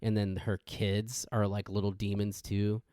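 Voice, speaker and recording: A man hosting a podcast, rambling through a casual intro rant and jumping into sudden excitement. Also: on the low side, a little slow, no room sound, studio quality. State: wired on energy drink. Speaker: podcast host.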